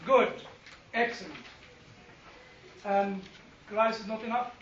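Taking his time, a man with a high voice leads a church Bible class discussion, animated and questioning, with humor aimed at himself. It's captured by a far-off, echoey room mic with a slightly dull tone.

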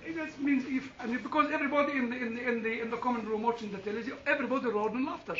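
High-voiced man telling a funny story. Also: a bit bright, a little hiss or hum. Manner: chuckles often, halting restarts. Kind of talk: anecdotal storytelling to an audience. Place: room with an audience. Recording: roomy, distant, dull sound.

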